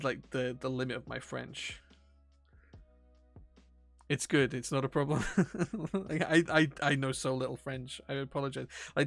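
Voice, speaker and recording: A man's voice: medium pitch, vocal fry, dry recording. A man, chatting casually on a live stream while he builds a keyboard. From England. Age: 40s. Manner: chatty, self-deprecating, reads chat aloud.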